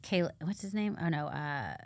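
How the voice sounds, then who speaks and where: A woman's voice: low voice, normal speed, no echo. A woman co-hosting a podcast, recapping a drama in casual chat and acting out the characters' lines. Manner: animated storytelling, acting out quotes. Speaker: podcast co-host.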